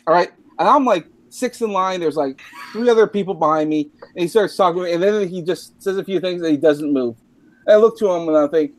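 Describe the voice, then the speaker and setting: A man's voice: on the high side, a little fast, a little mellow. A drunk Canadian man rambling through a profane story on a casual podcast, laughing at himself as he goes. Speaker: podcast host.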